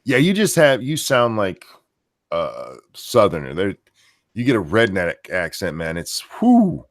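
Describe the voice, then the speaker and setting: A man's voice: sits low, big pitch swings, a little slow, no room sound, studio quality. A man from the United States co-hosting a casual talk show, blunt and fond of crude jokes. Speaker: co-host. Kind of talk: casual chat.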